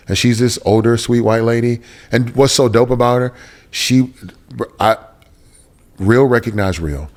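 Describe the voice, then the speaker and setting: A man's voice: mid-range voice, measured pace, pauses often. A man from Texas, an interview guest giving a candid, emotional personal testimony with casual slang. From Texas, USA.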